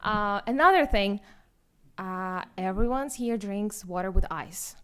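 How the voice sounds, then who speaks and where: A young woman with a Ukrainian accent tells her own story at a forum, halting and self-deprecating, with many restarts. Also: mid-range voice, lively intonation, clean tone. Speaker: guest speaker, student.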